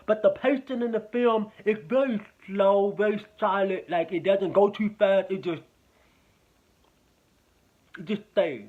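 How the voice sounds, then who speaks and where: Guy with a pretty high voice doing a rambly swear-heavy movie review, sounds tinny like over a phone. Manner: rambling, profane, repeats himself. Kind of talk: casual spoken movie review.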